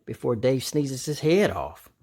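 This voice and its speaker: A man's voice: mid-range voice, big pitch swings, unhurried, darkish tone. A man doing a cheeky scheming chipmunk boy. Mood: brisk. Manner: cheeky and wheedling. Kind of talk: storybook read-aloud.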